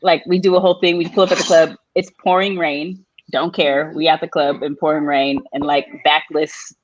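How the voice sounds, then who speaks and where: A woman telling a personal story on a live podcast, animated, her voice jumping up high when she quotes people. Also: normal speed, no room sound, lo-fi sound. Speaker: guest.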